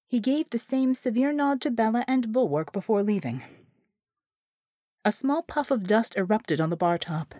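Brief: woman narrator, lively pitch, dry close recording, storytelling. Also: moderate pace, no echo. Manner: expressive, storytelling. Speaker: audiobook narrator. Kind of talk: scripted narration.

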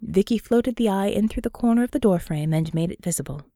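A woman narrating an audiobook in a wry, even storytelling manner. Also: medium pitch, a little fast, dry recording, clean studio sound. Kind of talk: scripted narration.

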